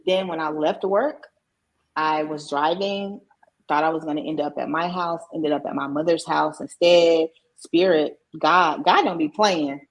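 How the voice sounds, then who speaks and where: A woman's voice: low voice, fairly even intonation, measured pace, low-quality recording. A middle-aged woman, a podcast guest, candidly telling a personal story and acting out the voices of people she quotes. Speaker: podcast guest, mindset coach.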